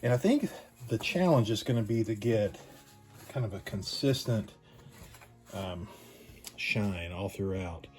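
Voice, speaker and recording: A man giving a casual workshop demonstration as a pinball restorer, thinking aloud in a loose, unhurried way. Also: fairly low pitch, expressive. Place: home workshop at a workbench.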